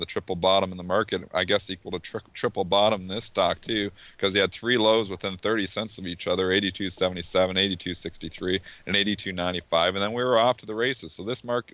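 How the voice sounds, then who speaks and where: A low-pitched man with a bright, forceful tone walks through stock charts with easy confidence. His voice is close and dry, with no room sound. He keeps it casual and chatty as a market show co-host. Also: dry recording.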